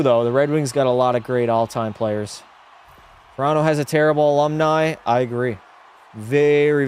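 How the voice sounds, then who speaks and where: His voice sits on the high side, smooth and somewhat dark in tone. The young man streams a hockey video game from home, chatting casually with his audience, reading their messages aloud, and sharing blunt, opinionated views.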